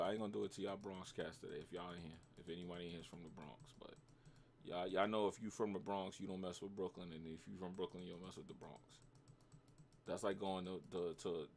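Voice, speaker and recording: A man's voice: deep voice, slight background noise. A man with a New York accent, hosting a casual trading livestream, bantering with his chat in slangy talk and reacting to his trades.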